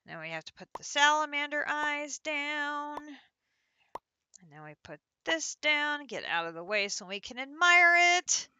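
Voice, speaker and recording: A woman's voice: high voice, sing-song, a little slow, sharp tone, no room sound. A woman streaming a game live, chatting to herself as she counts out and places items. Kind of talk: live gameplay commentary.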